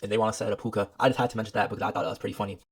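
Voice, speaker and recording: A young man telling a wild party story in casual, slangy, excitable style. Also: fairly low pitch, racing.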